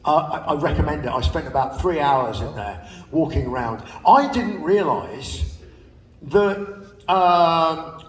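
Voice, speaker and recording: A man's voice: a little high, lively intonation, a little slow. An older man telling anecdotes to a live audience in a chatty, laughing way, with casual swearing. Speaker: speaker at a live spoken-word show. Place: large theater stage. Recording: distant audience recording in a reverberant hall.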